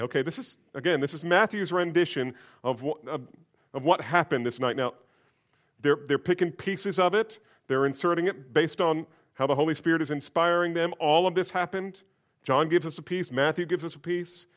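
A man, a senior pastor, preaching a sermon in an animated, conversational way with rhetorical questions. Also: on the high side, normal speed.

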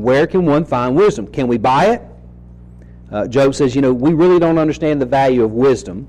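Earnest preacher man, mellow voice. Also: medium pitch, rough recording. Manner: earnest teaching, reads scripture slowly, rhetorical questions. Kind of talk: expository sermon.

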